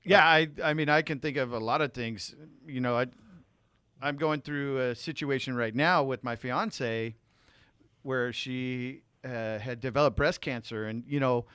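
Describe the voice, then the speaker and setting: A man with a smooth, resonant voice shares a personal story in a heartfelt, earnest way. The sound is close and dry. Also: medium pitch, a little slow, fairly bright tone, no echo. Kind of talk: podcast conversation.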